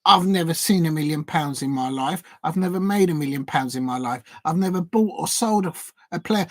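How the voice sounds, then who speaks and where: A man hosting a live football watch-along, rambling through chat comments with lots of ums and restarts and shouting now and then at the match. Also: a little high, brisk, no echo. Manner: sudden excited shouts at match action.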